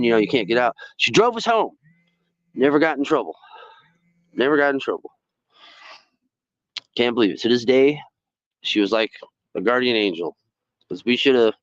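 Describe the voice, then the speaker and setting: Rambling, animated man telling rough stories. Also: no echo, lo-fi sound. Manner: rambling, animated, acts out quoted people in high voices; salty, swears freely. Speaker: fishing livestream host. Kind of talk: casual storytelling on a livestream.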